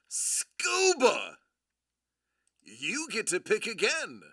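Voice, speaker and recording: A live stream host giving excitable commentary, giddy and prone to laughing and shouting in bursts. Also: medium pitch, very slow, pauses often, no room sound, clean studio sound.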